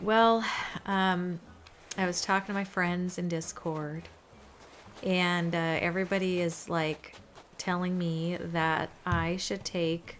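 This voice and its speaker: A woman talks through her game at an unhurried, easygoing pace, her voice sitting a little low. She is chatty and relaxed, with frequent soft asides. Light music plays faintly behind her. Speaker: gaming video host. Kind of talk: casual game commentary.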